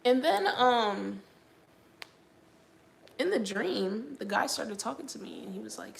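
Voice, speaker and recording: A woman's voice: medium pitch, very animated, moderate pace, creaky, a little hiss or hum. A young adult woman hosting a livestream, telling a personal faith story in a chatty way, full of "like". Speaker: livestream host. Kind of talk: casual personal testimony vlog.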